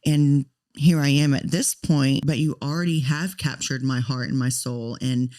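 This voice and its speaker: A woman's voice: rumbling low, steady tone, moderate pace, dark tone. A woman in her thirties co-hosting a podcast, telling a personal story in an earnest, talkative way. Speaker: podcast co-host.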